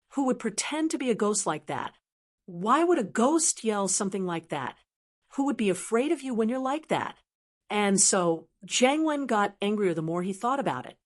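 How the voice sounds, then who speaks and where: A woman reads a web novel aloud as audiobook narration. Her voice is of a middle pitch for a woman, and her delivery is steady and even.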